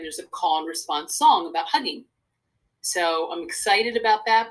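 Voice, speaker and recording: An older woman talks through stories earnestly in a casual interview, her voice bright and forceful. Her pitch sits a little low for a woman. She wanders through her points as a guest and therapist would. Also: rough recording. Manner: earnest, rambling storyteller. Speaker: guest, psychotherapist and speaker.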